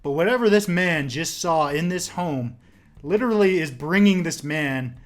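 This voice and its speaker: A man's voice: a little high, moderate pace. A young man telling a story in a casual, rambling way, full of "like" and swearing. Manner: rambling, filler-heavy, swears.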